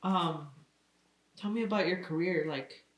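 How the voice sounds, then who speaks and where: A podcast host asking relaxed questions and offering short backchannel replies. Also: medium pitch, a little slow. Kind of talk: casual podcast interview. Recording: roomy echo.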